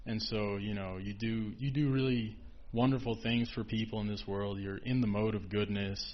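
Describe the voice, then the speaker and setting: A man's voice: lowish voice, steady tone, normal speed. A man casually telling a story in a group discussion, chatty and full of "like" and "you know". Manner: chatty, filler-heavy with frequent "like". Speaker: forum participant. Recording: dull lo-fi with faint hiss.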